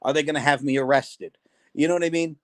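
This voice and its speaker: A man telling animated stories in a casual podcast conversation. He laughs often and acts out the voices of the people he quotes. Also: fairly high pitch, fast, no echo. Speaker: guest, prank video maker and wrestling promoter.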